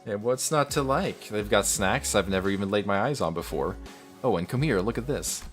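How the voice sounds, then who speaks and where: A man's voice: fairly low pitch, expressive, fairly quick, faint music behind, close to an everyday voice. A man voicing a cheerful, teasing young woman crew member from a game story, with a breezy, playful drawl.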